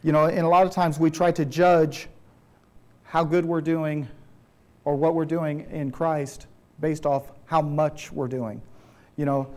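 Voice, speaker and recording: A man's voice: on the high side, fairly even intonation, a little slow, a little mellow. A man preaching a sermon to his congregation in an earnest, conversational way, often restarting his phrases. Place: church.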